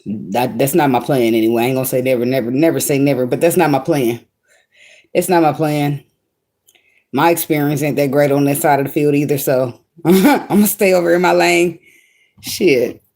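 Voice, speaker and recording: A woman's voice: sits low, moderate pace, darkish tone. A woman tarot reader giving casual spiritual advice in a blunt, slangy, profane monologue, often breaking into laughter.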